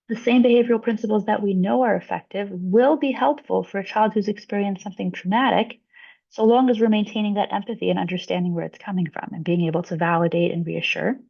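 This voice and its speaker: A woman psychologist presenting a webinar, explaining clearly and acting out short example lines. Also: mid-range voice. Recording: dull lo-fi webinar audio.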